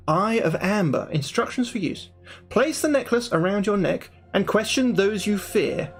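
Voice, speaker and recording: Chatty man reading a gamebook. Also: high-pitched. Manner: chatty, swears freely, talks to his viewers. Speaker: livestreamer playing a solo gamebook. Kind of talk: reading a gamebook aloud with casual commentary.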